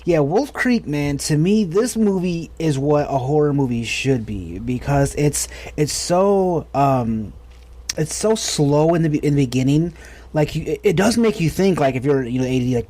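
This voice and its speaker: An American man in his thirties co-hosts a podcast, his voice fairly high, animated, and mellow at normal speed. The conversation is casual, rambling, and enthusiastic, with plenty of restarts.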